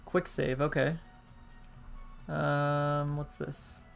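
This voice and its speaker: A man hosting a live gameplay stream, chatty and excitable as he greets viewers. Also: fairly high pitch, drawn-out words, gravelly. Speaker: gaming streamer. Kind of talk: live let's-play commentary. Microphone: laptop setup. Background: faint game music.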